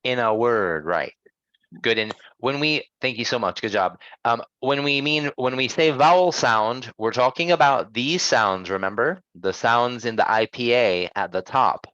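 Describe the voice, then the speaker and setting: A man teaching English pronunciation, patiently correcting students and modelling sounds slowly. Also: mid-range voice, fairly bright tone, no echo. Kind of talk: online language lesson. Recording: dull, dry lo-fi sound.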